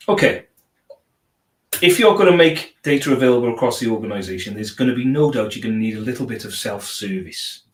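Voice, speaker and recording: A man's voice: lowish voice, far from the mic. A man giving an upbeat technical presentation at a conference, often checking in with "right?" tag questions. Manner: upbeat, motivational delivery. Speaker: conference speaker. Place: conference room. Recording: roomy conference room echo.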